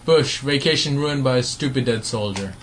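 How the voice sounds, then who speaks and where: A young man co-hosting a casual podcast, teasing his friends in quick bursts and reading news quotes aloud. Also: medium pitch, a little hiss or hum. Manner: playful, exasperated, quick bursts. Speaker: podcast co-host.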